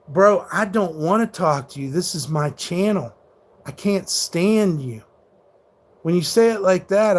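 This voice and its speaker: A man in his thirties hosting a live stream, reading chat aloud and arguing with hecklers, blunt and full of swearing. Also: fairly high pitch. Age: 30s. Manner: combative, profane, rants back at hecklers. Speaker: livestreamer.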